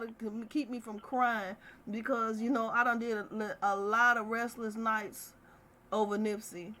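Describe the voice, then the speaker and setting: A middle-aged woman hosts a casual live chat, pouring herself into every point with heated passion. Her voice sits high and rings bright and forceful. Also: little pitch movement, measured pace, slight background noise. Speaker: livestream host.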